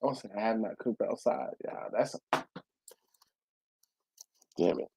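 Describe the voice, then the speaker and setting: A man's voice: fairly low pitch, unhurried, gravelly, noisy background. A congested man hosting a livestream, casually reading viewer comments aloud and answering them. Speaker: livestream host reading chat. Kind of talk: casual live chat. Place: home.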